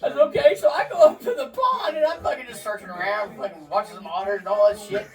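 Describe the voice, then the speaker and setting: Quick and expressive, this high-pitched man tells rowdy stories as an interviewee, cursing freely and laughing as he goes. It's casual talk picked up on a distant mic with faint music behind.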